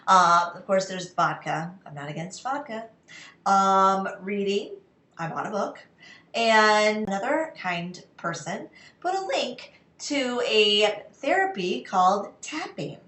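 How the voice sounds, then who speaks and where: Woman, candid self-mocking storyteller, bright tone, echoey kitchen sound. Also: medium pitch, lively intonation, slow pace, far from the mic. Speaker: vlogger. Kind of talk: casual storytelling monologue. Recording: echoey room, voice somewhat off-mic.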